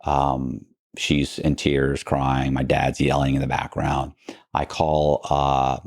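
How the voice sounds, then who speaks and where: Low, gravelly man telling a story. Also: completely flat delivery, slow pace, a little mellow, dry recording, clean studio sound. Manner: rambling, many restarts and asides, acts out quoted people. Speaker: podcast guest. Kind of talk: casual storytelling in a long-form interview.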